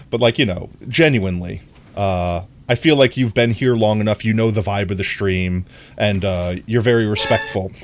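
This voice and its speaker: A live streamer in casual gameplay chat, playful and giggly, often jumping into a squeaky high voice, talking into a desk microphone. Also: moderate pace.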